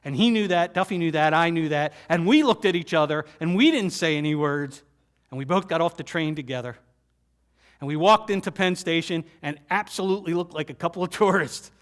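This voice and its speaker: A male keynote presenter tells an audience a personal story, using dramatic pauses and repeated phrases that sink to a quiet voice. His voice is a little high.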